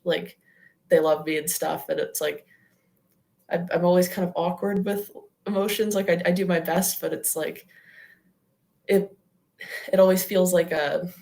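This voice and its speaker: A young woman talks as a guest on a podcast, her voice low and full of vocal fry. She sounds casual and reflective, filling her sentences with "like.". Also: fairly even intonation, measured pace, pauses often, darkish tone. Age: young adult. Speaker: guest athlete. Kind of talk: podcast interview.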